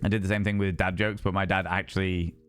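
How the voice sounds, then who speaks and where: A young man streaming a dating game, reading the text aloud and joking in animated, sweary chat. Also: low voice, fast, clear, resonant tone, no room sound, soft background music. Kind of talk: casual gameplay commentary.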